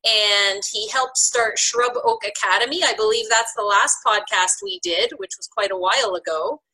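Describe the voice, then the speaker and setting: A woman hosting a podcast interview, upbeat and quick to laugh, introducing her guest and reading out material. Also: mid-range voice, animated, sharp tone, slightly rough, poor audio. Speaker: podcast host.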